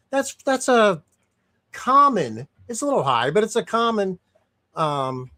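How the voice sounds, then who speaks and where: A man's voice: high-pitched, fairly bright tone. A man giving casual, indignant commentary as a streamer, rambling and restarting often.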